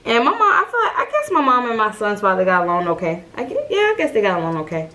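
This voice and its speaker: A young woman telling a storytime vlog, chatty and lively, calling her viewers y'all. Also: on the high side, quick pace. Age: young adult. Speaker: vlogger.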